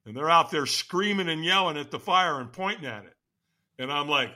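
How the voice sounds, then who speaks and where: A man who works as a firewalk instructor, telling excited stories in an interview and acting out quotes with lots of laughter. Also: a little high, a little fast. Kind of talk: animated storytelling.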